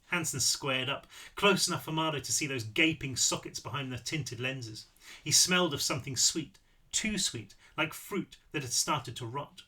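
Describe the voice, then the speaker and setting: A man's voice: mid-range voice, normal speed, slightly rough. A man reading his own novel aloud with expression, now and then fixing a slip. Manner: expressive reading with small slips and self-corrections. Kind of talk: audiobook read-through.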